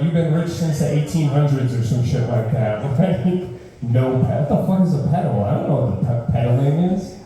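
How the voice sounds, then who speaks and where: Guy doing standup, swears a lot, voice jumps all over, super dark tone, big echoey room. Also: a little high. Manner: animated, profane, incredulous rants. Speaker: stand-up comedian. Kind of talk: stand-up comedy set. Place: open mic comedy room. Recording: very echoey room, mic far off.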